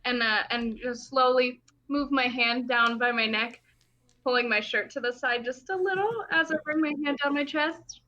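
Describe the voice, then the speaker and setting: Bright high-voiced giggly woman player. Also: muffled recording. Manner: giggly, playful, quick bursts. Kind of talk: casual tabletop play.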